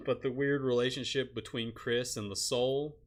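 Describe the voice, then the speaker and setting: A man's voice: mid-range voice, little pitch movement, moderate pace. A man chatting casually while he streams a game. He rambles, swears freely and laughs often. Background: loud game music.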